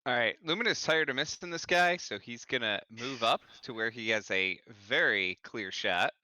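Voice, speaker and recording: A man's voice: mid-range voice, normal speed, pushed and bright, no echo. A man playing a tabletop game, casually describing his character's moves. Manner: easygoing, laughs at rolls. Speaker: player.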